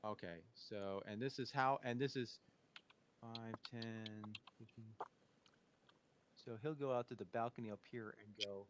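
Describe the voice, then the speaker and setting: Male player, mid-pitched, halting think-aloud delivery, light background noise. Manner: thinks aloud, hesitant with many pauses. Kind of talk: playing a tabletop game over voice chat.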